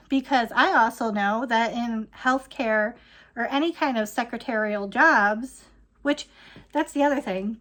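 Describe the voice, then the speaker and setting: A woman's voice: on the high side, fairly bright tone. A woman in her thirties ranting casually to camera, rambling and laughing often as she talks. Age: 30s. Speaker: vlogger.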